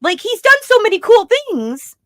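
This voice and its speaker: A woman co-hosting a podcast, chatting in an animated, exasperated way with lots of fillers. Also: extremely high pitch, normal speed, dry recording, clean studio sound. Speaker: podcast co-host. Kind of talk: casual chat.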